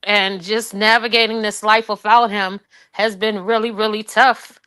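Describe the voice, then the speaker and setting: A tearful woman speaking about her anger and loss in a halting, raw and emotional way. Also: medium pitch, little pitch movement, pushed and bright, clear, resonant tone. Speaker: guest sharing her grief. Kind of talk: personal testimony on a call.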